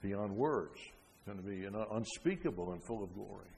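An older man preaching a sermon, emphatic, with frequent rhetorical questions, rising loud and then dropping soft. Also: lowish voice, animated, moderate pace, vocal fry, a little hiss or hum. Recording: long hall reverb.

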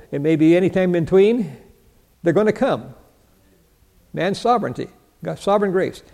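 Preaching in a large hall with long reverb, an older man with a high, gravelly yet mellow voice teaches from Bible verses. He asks his audience questions, answers them himself, and chuckles as he goes.

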